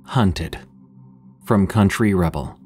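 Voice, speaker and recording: A man narrating scary stories in a steady, measured way as the show's host. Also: low-pitched, faint music behind. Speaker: horror story narrator. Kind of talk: scripted narration of horror stories.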